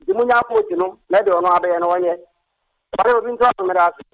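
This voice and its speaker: A Ghanaian man on a radio call-in, his voice high and gravelly. He swings widely in pitch as he makes his point with emphasis, and the sound is dry and close. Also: wildly swooping pitch, fast talker, dry recording, poor audio. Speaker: radio caller. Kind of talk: phone-in call.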